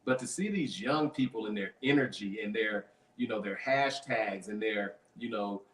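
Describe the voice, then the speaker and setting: A man hosting a talk show, earnest and rambling, speaking in quick bursts. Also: fairly low pitch, a bit bright, roomy sound, far from the mic, low-quality recording.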